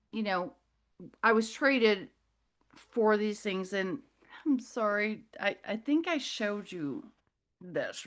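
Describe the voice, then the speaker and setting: Middle-aged woman, guest speaker, rambling personal story, loses her thread, slightly high voice. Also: a bit bright. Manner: scattered, loses her thread, apologetic asides.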